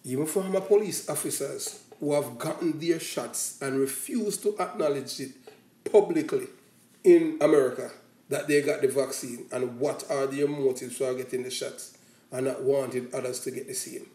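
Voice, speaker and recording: A Jamaican man rambles through a casual opinion talk, drifting between patois and standard English. His voice is mellow and dark, at a middling pitch. The room around him rings with echo. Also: moderate pace. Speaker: commentator.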